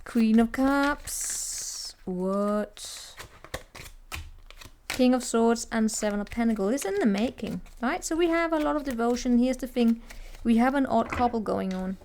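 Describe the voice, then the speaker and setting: Woman, fairly high voice, tarot reader, casual and chatty, teasing, restarts sentences. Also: unhurried, a little mellow, slight background noise. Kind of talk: casual tarot reading to camera.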